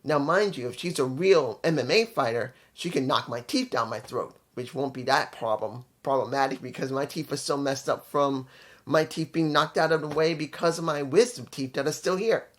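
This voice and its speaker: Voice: mid-range voice, normal speed. A host giving a loose, casual video review, blunt and opinionated, often stumbling over names and correcting themself.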